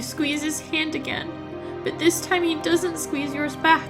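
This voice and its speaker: A woman's voice: high-pitched, little pitch movement, measured pace, over music. A woman hosting a game let's play, reading the story aloud and commenting emotionally, tearful, stammering and laughing.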